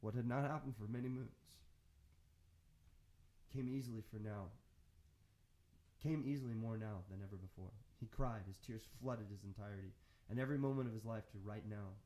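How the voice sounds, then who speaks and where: A man on a radio show reading the end of a story in a slow, reflective, spiritual tone. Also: on the low side, dark tone. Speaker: radio host finishing the story. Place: radio studio.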